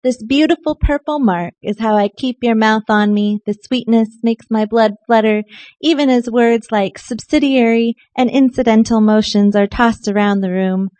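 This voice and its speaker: Woman poet reading, high dry voice. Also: normal speed, dry recording. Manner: expressive reading with soft, chatty asides. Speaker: featured poet. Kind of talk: live poetry reading. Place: poetry night venue.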